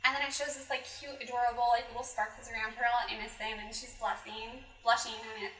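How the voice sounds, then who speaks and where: A woman co-hosting a casual chat, giggly and animated as she recaps a story and acts out its lines. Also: fairly high pitch, fast talker, roomy sound, far from the mic, low-quality recording. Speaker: podcast co-host recapping an adult anime.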